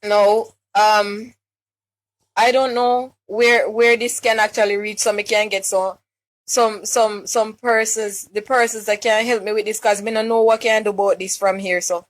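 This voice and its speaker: A Jamaican woman speaks on a live stream with a fairly high voice, upset and pleading. She halts often, repeating words and restarting her sentences as she appeals for help. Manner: distressed, halting, many restarts and repeated words. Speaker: mother making a public appeal.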